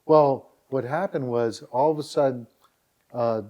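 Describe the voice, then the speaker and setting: A man's voice: medium pitch, a little slow. A middle-aged man from Northeast Ohio, a podcast guest in a casual interview, telling a story with animation and acting out what other people said. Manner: animated anecdote teller who acts out dialogue and keeps repeating "all of a sudden". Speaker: podcast guest, website founder.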